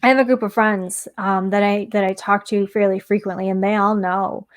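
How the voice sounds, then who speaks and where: A woman's voice: mid-range voice, fairly even intonation, normal speed. Candid woman chatting about mindfulness. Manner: candid, conversational, tells personal stories. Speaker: mindfulness teacher and vlogger. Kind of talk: casual self-help monologue.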